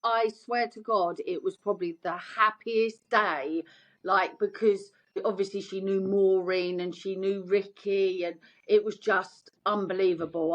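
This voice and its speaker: A woman's voice: medium pitch, measured pace, dull audio. A middle-aged woman, a guest telling her story in an interview and acting out the voices of the people in it. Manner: animated, acts out quoted voices.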